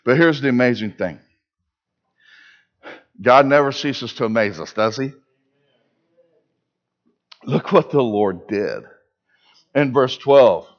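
A pastor giving a sermon in church, preaching with emphasis and asking the congregation rhetorical questions. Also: male voice, mid-range voice, lively intonation, slow pace, long pauses, dull audio.

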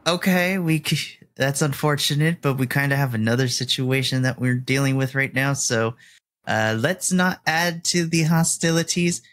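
Man as conciliatory investigator guy, soothing, middle-pitched. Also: moderate pace, fairly bright tone, close to an everyday voice. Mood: strained calm. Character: calm, placating male investigator. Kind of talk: tabletop role-play in character.

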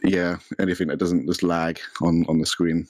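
A young man with a deep, low voice talks casually as a podcast guest, rambling along with lots of ums and restarts. The sound is close and dry. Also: flat delivery, moderate pace, a little mellow, dry recording, poor audio. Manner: rambling, many fillers and restarts. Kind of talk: casual chat.

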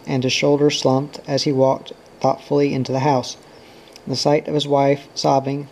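Flat, gravelly, dark male reader. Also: mid-range voice, slight background noise, poor audio. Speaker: audiobook reader. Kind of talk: scripted narration of a novel.

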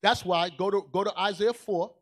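A man with a fairly high voice delivers a sermon at a moderate pace, his intonation fairly even. His speech is loose and colloquial, pressing hard on each point, sinking into quiet asides before building back to shouting.

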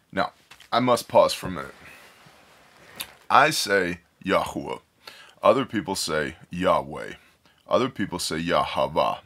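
A man's voice: low voice, fairly bright tone. A man reading scripture aloud and breaking off to explain it in a casual, digressive way, thinking aloud as he goes. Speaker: Bible study teacher.

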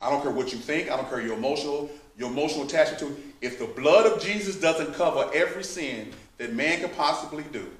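A man's voice: fairly high pitch, quick pace, few pauses. A man preaching a sermon, who builds to emphatic outbursts and addresses the listeners as saints. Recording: echoey room, mic at a distance.

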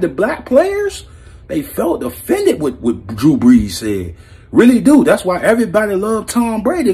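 A man's voice: high voice, a little mellow, husky. A man giving a blunt, heated, profane sports opinion rant as a vlog host, breaking into laughs. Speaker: sports commentary vlogger.

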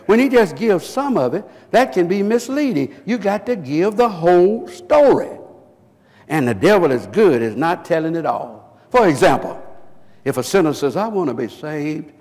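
A man preaching in a church, his slightly high voice swinging widely as he presses his points. He builds to emphatic shouts and throws questions out to the congregation, and a long church reverb trails behind every phrase. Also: big pitch swings, moderate pace. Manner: impassioned, rising to emphatic shouts and call-and-response questions. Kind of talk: sermon. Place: church sanctuary.

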